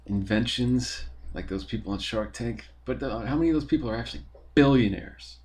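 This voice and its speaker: A man's voice: mid-range voice, brisk, a little mellow. A young man, talking in a rambling, profane, casual monologue full of fillers as a podcast host.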